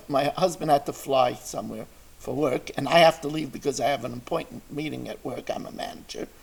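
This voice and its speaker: A rabbi telling a story in a Torah class, acting out the people in it with lively shifts of voice. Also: male voice, on the high side, vocal fry, slightly rough, rough recording.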